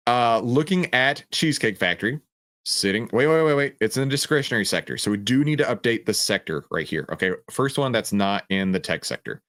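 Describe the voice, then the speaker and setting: Casual low-voiced stock stream host. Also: male voice, fairly bright tone, no echo, studio quality. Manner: casual, joking, reads chat comments aloud. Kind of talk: livestream stock analysis.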